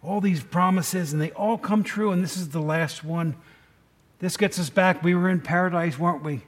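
Conversational male pastor, slightly high voice. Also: moderate pace. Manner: conversational, asks the congregation questions. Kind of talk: sermon.

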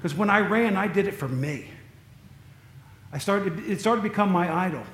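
A man delivering a relaxed, chatty sermon in a somewhat higher voice, tossing jokey asides to the congregation. His voice rings out in an echoey room, as from a church hall. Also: normal speed, a little hiss or hum. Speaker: pastor. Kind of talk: casual sermon.

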